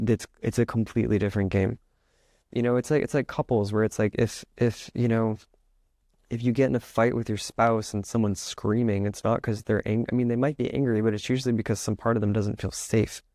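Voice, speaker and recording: A man in a loose, wandering interview chat. His voice sits on the low side, and the sound is close and dry with no room echo. He leans on "like" constantly and slips into acting out inner thoughts as he talks. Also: steady tone, a little fast, warm tone. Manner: rambling, heavy use of "like", acts out inner thoughts. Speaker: podcast guest, author and musician. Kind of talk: casual interview talk.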